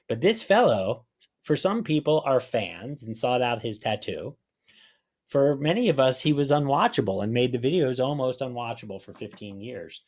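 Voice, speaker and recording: A man hosting a casual talk about magic, rambling and chatty as he tells stories. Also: medium pitch. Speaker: host.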